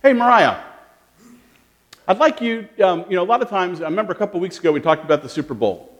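Friendly male pastor, children's sermon, lively and questioning, in a church. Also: high voice, fast, in a large hall. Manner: animated, questioning, talks to children. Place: church sanctuary.

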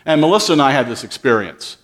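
A man's voice: mid-range voice, animated, quick pace, fairly bright tone. A pastor delivering a sermon as a story, a man who talks through each scene and acts out the dialogue.

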